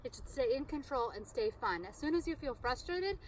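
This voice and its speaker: A woman's voice: high-pitched, lively intonation, brisk. A woman demonstrating dog training, coaxing commands to her dog between upbeat explanations. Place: outdoors with a dog. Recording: distant mic, loud outdoor noise.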